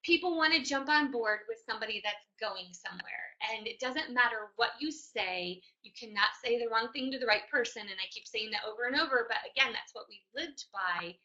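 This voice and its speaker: Emphatic high-voiced woman trainer. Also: lively intonation, fairly quick, few pauses, sharp tone. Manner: emphatic, repeats key points. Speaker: co-host business trainer. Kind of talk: motivational training talk. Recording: dull lo-fi sound.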